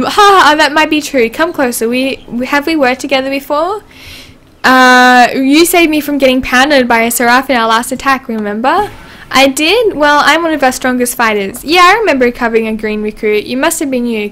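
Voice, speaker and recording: A woman's voice: sits high, fairly bright tone. A woman hosting a casual gameplay livestream, chatting and giggling as she reads game dialogue aloud. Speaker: livestream host.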